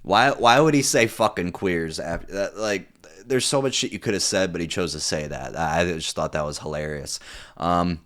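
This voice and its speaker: A young man with a deep, slightly bright voice reviews a TV show in casual, unscripted commentary. He talks at a normal speed, rambling and swearing, with many fillers and restarts.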